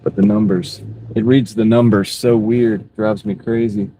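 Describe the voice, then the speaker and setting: A man chatting casually on a live stream while he drives deliveries, greeting viewers by name in a relaxed, rambling way. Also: on the low side, unhurried. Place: inside a moving car. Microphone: wireless clip-on mic. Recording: clear car road noise. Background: car and road noise.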